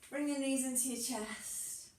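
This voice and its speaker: A woman teaching a floor-exercise class in an encouraging, playful way, her voice sitting a little high. She sounds set back from the mic in a very echoey room, with a faint hiss underneath. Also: fairly even intonation, a little slow, a little mellow, distant mic. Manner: encouraging, playful, laughs often. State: a little out of breath. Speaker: movement class instructor. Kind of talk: guided exercise class instruction.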